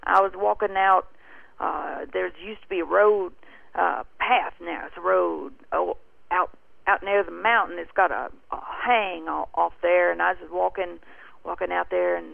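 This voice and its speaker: A woman putting on an old male mountain storyteller who talks in gentle, halting fragments, heard over a phone line. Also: fairly low pitch, steady tone, vocal fry, dry recording. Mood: musing.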